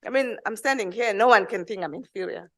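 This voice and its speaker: A reflective woman speaking on a panel, asking questions aloud in a mid-pitched voice. The sound is dry and close. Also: a little fast, dry recording.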